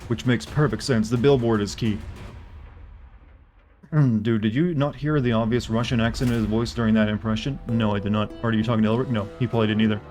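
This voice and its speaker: A man's voice: on the low side, steady tone, brisk, darkish tone, soft background music. A man streaming a game, chatting casually with his viewers and answering their questions, often restarting his sentences. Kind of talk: casual gameplay commentary.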